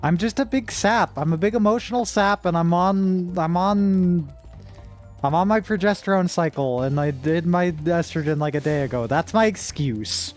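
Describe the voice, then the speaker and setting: A woman's voice: fairly low pitch, normal speed, a little mellow, faint music behind. A woman streamer chatting casually with her viewers while gaming, rambling and emotional, with sudden frustrated outbursts.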